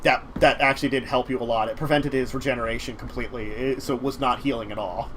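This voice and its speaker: A man's voice: mid-range voice, steady tone, a bit bright, a little hiss or hum. A man hosting a casual talk show, rambling through a game master's recap with frequent restarts. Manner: rambling, halting with fillers and restarts. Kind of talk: casual chat recapping games.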